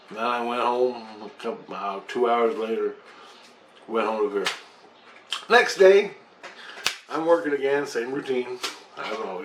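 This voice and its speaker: Rambling, profane man with a low voice. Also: fairly bright tone. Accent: Windsor, Ontario. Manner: rambling, profane, laughs at himself, drops to a mutter. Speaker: storyteller recounting a personal experience. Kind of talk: casual spoken storytelling. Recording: roomy echo, faint background hum.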